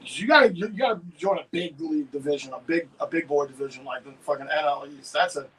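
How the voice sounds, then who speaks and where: Man co-host, laid-back play-by-play with ribbing, high husky voice, sits back from the mic. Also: quick pace, fairly bright tone, far from the mic, rough recording. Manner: joking, trash-talking, easygoing. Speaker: livestream co-host, calling plays. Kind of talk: casual play-by-play and banter. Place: sunlit room at home. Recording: voice a bit off-mic.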